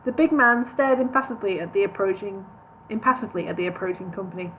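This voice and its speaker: A woman's voice: medium pitch, fast. A woman reading a storybook aloud on a live stream, often correcting herself and apologizing. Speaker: reader. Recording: tinny lo-fi livestream audio, faint noise.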